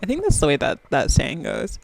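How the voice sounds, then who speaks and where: A Southern US woman in her 20s hosts a solo podcast, rambling profanely and mocking herself right up against the mic. Her deep, creaky voice swings hugely in pitch at a brisk pace. The recording quality is low.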